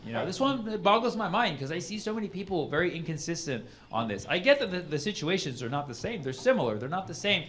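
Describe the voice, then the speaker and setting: A man's voice: sits high, very animated, fast, few pauses, fairly bright tone. Rambling, chatty male stand-up comedian. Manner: rambling conversational, lots of "like" and "man". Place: comedy club stage. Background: audience laughter.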